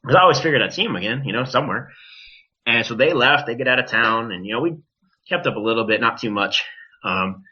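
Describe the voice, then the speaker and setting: Man, bright voice, animated storytelling, profane, dull lo-fi podcast sound. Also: medium pitch, fast. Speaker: wrestler, podcast guest. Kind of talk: casual storytelling.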